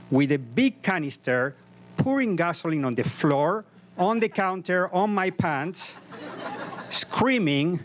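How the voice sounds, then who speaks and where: A man in his fifties performing a live comic story on a comedy club stage, with vivid, punchy narration into a stage microphone. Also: a little high.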